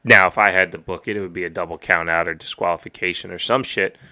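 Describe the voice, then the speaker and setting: A man hosting a podcast, recapping a wrestling show in casual, excited, profane chat. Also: deep voice, fast. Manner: excited, profane, recounts and quotes matches. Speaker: podcast host. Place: home streaming setup.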